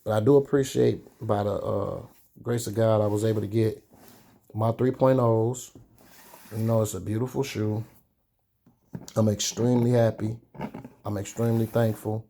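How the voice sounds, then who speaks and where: Young man, candid chatty storyteller, mellow warm tone, casual vlog. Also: lowish voice, fairly even intonation, vocal fry. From Chicago. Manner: candid, chatty, drawn-out pauses. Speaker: sneaker vlogger.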